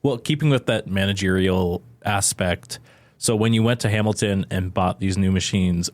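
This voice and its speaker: Man, podcast host, lowish voice, dry sound, thoughtful questions. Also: normal speed, no room sound. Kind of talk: interview questions.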